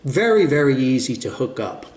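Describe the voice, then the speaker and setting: Older New Jersey man, mid-pitched, rambling and self-mocking, home radio room with a boomy echo. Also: very animated, normal speed, darkish tone. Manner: rambling and self-deprecating, with fillers and restarts. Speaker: ham radio video host. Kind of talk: casual show-and-tell chat. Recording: echoey room.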